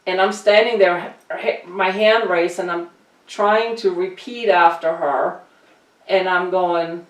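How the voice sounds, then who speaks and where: A middle-aged woman from Germany hosting a casual chat, telling animated stories and laughing often. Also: on the low side, slow. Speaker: podcast host. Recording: roomy echo, distant mic.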